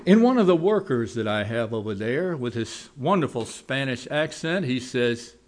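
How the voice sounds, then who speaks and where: A man preaching a sermon, telling a homespun story in a folksy way and moving from loud, quick lines to slow, quiet ones. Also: mid-range voice, very animated.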